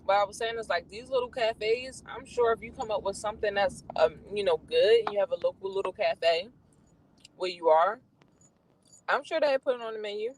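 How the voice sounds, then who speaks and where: A vlogger chatting casually while driving, bursting into excited exclamations. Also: medium pitch, normal speed, poor audio. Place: car on the road. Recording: loud road noise from driving.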